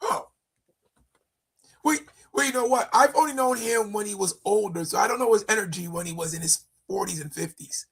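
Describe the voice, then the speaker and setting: A man's voice: high voice, fairly quick, gravelly, husky. A man co-hosting a faith talk show, chatting casually and joking with his co-hosts. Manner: joking, animated, talks over others. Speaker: podcast co-host. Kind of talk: casual chat.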